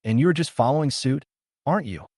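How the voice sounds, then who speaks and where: A man's voice: mid-range voice, animated, fairly quick, darkish tone, no room sound, clean studio sound, pitched above the performer's own voice. A man voicing an indignant young male student who is easily riled and complains in a huffy way.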